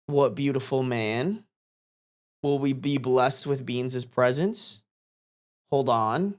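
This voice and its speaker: A man's voice: mid-range voice, takes it slowly, no echo, clean studio sound. A man streaming live from home, chatting casually and cooing in playful baby talk to his cat, swearing freely. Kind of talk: casual livestream chat.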